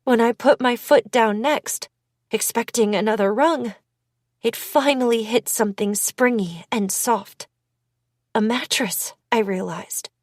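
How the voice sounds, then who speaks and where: A woman narrating an audiobook in the first person, taking her time with every phrase. Her voice sits a touch high, unhurried and measured, recorded close and dry. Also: darkish tone, no echo.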